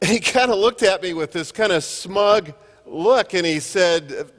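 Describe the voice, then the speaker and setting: A man in his fifties giving a keynote in a big hall, his slightly high voice trailing into a long echo. He tells stories with a light, self-mocking humor. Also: measured pace, a bit bright. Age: 50s. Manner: jokey storytelling with self-deprecating humor. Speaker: keynote speaker. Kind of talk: conference keynote. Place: conference hall.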